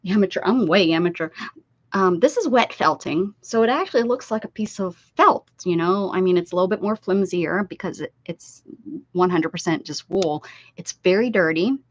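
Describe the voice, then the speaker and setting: A woman's voice: fairly low pitch, animated, normal speed, no room sound. Chatty older woman hosting a craft stream. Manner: chatty, reads chat aloud and answers viewers. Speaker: craft livestream host. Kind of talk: casual livestream chat. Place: home craft room at a desk. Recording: slightly dull lo-fi stream audio.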